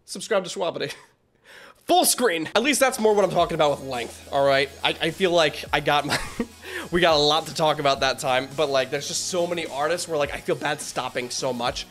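A man hosting a reaction video, gushing excitedly with lots of fillers and laughs in casual commentary. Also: on the high side, a little fast.

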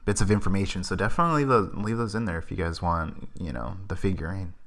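Deep-voiced easygoing male podcast co-host. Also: animated, fast talker, a bit bright. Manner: easygoing, hesitant, agreeable. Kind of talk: casual podcast chat.

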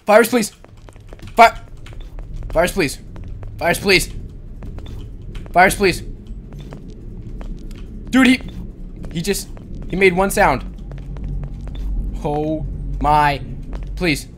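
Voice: mid-range voice, drawn-out words, pauses often, a bit bright. A gaming channel host giving panicked let's-play commentary, shrieking and repeating words over and over. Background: game music.

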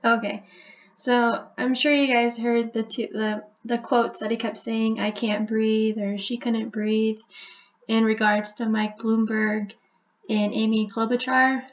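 A woman's voice: a little high, a little slow, dull audio. A woman casually explaining a number theory in a chatty voice-over. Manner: even, chatty, with frequent "like" and "so". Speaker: video host explaining number codes.

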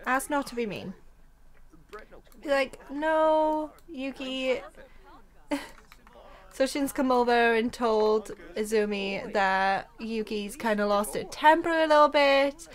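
A woman's voice: a little high, animated, a little slow. A young woman hosting a gaming channel, chatting casually through a life-sim playthrough and laughing easily. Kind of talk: casual let's-play narration.

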